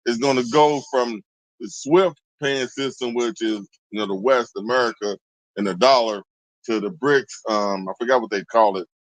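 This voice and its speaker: A man with a mid-pitched voice explains his points in a casual group discussion, with the odd swear word. The recording is dry and close, with no room sound. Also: moderate pace, dry recording, low-quality recording.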